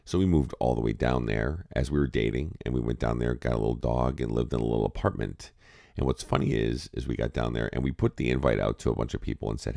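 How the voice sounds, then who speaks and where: Gravelly deep-voiced man, groggy morning chat. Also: quick pace, a little mellow, dry recording, studio quality. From New England. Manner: rambling and heartfelt. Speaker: podcast host.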